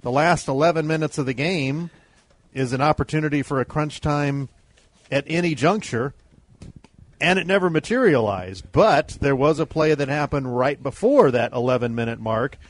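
A man hosting a postgame high school football radio show, brisk and leading the talk. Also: dry recording. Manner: brisk, leads the segment. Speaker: play-by-play radio announcer.

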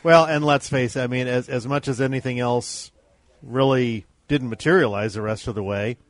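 A man hosting a postgame high school football radio show, brisk and leading the talk. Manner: brisk, leads the segment. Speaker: play-by-play radio announcer.

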